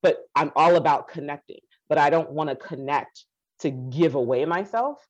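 A woman's voice: deep voice, normal speed. A woman born in Haiti telling her life story with passion, acting out the voices of people she quotes. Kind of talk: personal storytelling talk. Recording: dull lo-fi recording.

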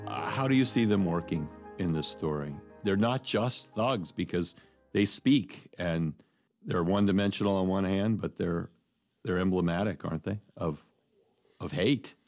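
A man's voice: deep voice, normal speed, darkish tone, soft background music. A male interviewer summarizing a story and asking the author questions in a conversational way.

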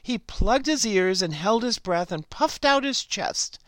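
A woman's voice: mid-range voice, animated, a bit bright, no echo. A woman hosting a program, reading a fable aloud in scripted narration. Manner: slow, unhurried read-aloud delivery. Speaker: program host and storyteller.

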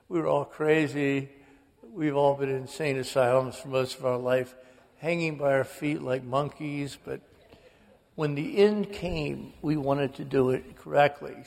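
Gravelly older man telling wry stories. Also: mid-range voice, darkish tone, long reverb tail. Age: 60s. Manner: wry, self-mocking storyteller. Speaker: author, interview guest. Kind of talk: storytelling in a radio interview.

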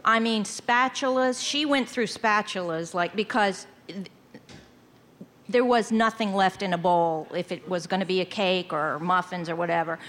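A woman telling lively anecdotes in an interview, laughing often and acting out quoted voices. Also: medium pitch, moderate pace. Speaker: storytelling guest.

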